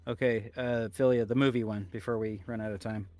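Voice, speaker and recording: A man chatting casually on a podcast. He rambles and jokes, trailing off with fillers. His voice sits mid-pitch, and faint music plays behind him. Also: steady tone, fairly quick, darkish tone, dry recording. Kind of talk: casual chat.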